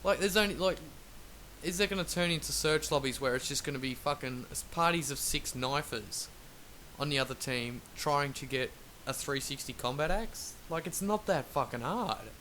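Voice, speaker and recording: A man's voice: a little high, normal speed, pushed and bright. Angry, foul-mouthed male gamer ranting. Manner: angry, profane, rambling. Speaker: gaming YouTuber. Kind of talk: angry rant over gameplay. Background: faint traffic noise.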